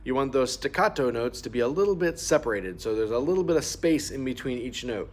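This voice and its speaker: A man at an ordinary middle pitch gives a patient clarinet lesson. He explains each fingering and marking step by step, now and then singing rhythms aloud to show them. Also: expressive, brisk, faint music behind. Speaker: band teacher. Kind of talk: instrument lesson walkthrough.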